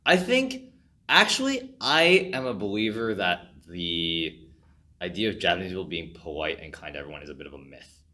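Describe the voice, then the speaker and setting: A man in his twenties from California, a podcast guest telling stories in an animated, jokey and dramatic way. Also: deep voice, normal speed. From California, USA. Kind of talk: casual podcast chat.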